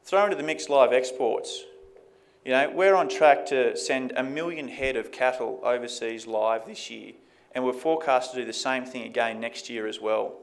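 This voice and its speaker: A man's voice: medium pitch, moderate pace, creaky. A man with an Australian accent, presenting market figures in a conversational way at a conference. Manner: conversational, fillers like "you know". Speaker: economist giving a presentation.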